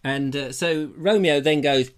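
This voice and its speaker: A man's voice: on the high side, measured pace. A man hosting a live comic chat show, rambling playfully through jokey stories. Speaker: host.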